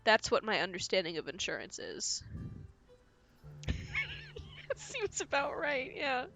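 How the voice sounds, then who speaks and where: A woman's voice: high-pitched, wildly swooping pitch, slow, bright, forceful tone, soft background music. A woman live-streaming a game, playful and joking, often giggling between her remarks.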